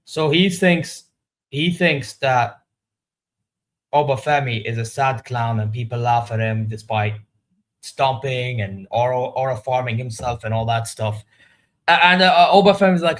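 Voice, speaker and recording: A man's voice: medium pitch, unhurried, a bit bright. A man hosting a wrestling reaction vlog, giving candid, opinionated, rambling commentary. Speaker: wrestling reaction channel host.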